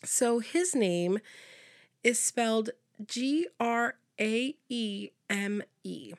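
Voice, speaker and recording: A woman hosting a true crime podcast, talking casually and chattily, laughing often and filling pauses with um and like. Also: a little high, lively intonation. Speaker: podcast host.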